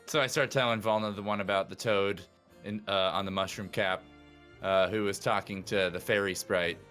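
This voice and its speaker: Male player, lowish voice, bright tone, chatty, faint music. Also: steady tone, moderate pace. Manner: chatty, narrates his actions. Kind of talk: tabletop role-play.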